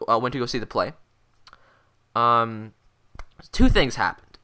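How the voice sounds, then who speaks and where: A mid-teens boy recounts a story in a casual vlog, his voice bright and pushed forward. He rambles, restarts, and swears constantly, getting worked up as he goes. His pitch sits in the ordinary middle for a guy. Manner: excitable, swears constantly, rambling with many fillers. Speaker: vlogger.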